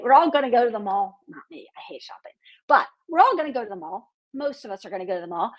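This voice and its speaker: A high-voiced woman with a husky edge hosts her marketing podcast. She talks bluntly and outspokenly, swears freely, and drives every point home with fired-up conviction.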